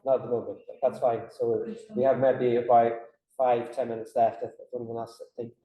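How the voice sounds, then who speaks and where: A man's voice: mid-range voice, flat delivery, fairly quick, echoey room, muffled recording. A man hosting a discussion who moderates politely and checks in on audience questions. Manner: polite, hesitant phrasing. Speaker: host.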